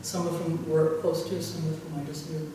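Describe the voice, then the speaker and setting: A woman's voice: sits low, little pitch movement, fairly quick. An older woman pastor telling church anecdotes in a rambling, chuckling way, full of fillers. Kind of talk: anecdotal storytelling in conversation. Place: church hall. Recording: echoey hall from far off with faint noise.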